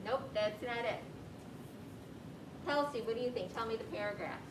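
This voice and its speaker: A woman's voice: fairly high pitch, normal speed, noisy background. A woman teacher leading a classroom reading lesson, guiding students with questions. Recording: echoey room with clear background ambience.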